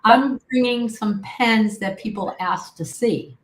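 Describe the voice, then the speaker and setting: A woman guest in a relaxed podcast conversation, answering easily and tossing in quick friendly reactions. Her voice carries a noticeable room echo. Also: fairly high pitch. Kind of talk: casual chat.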